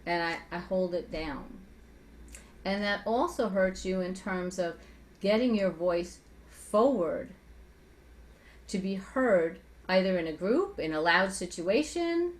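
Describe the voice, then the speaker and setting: A woman's voice: fairly low pitch, expressive, takes it slowly. A woman voice coach, once a singer, talking in a chatty teaching style and asking rhetorical questions as she explains how to use the voice. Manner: speaks with a singer's trained voice. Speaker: voice coach guest. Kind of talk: conversational teaching with vocal demonstrations.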